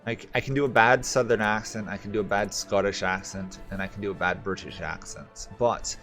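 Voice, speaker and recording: A man streaming a strategy game, thinking aloud in a relaxed, rambling way and answering chat questions. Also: fairly low pitch, brisk, few pauses, faint music behind. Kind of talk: casual gameplay commentary.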